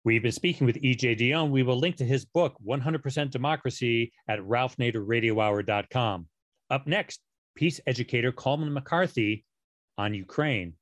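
A man co-hosting a radio show, announcing segments smoothly. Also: mid-range voice, moderate pace, no echo. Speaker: radio co-host.

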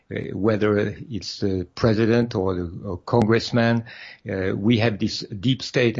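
A man's voice: fairly low pitch, a little mellow, muffled recording. A man being interviewed as an author, speaking hesitantly with many fillers and restarts. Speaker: guest author. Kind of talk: interview over a phone line.

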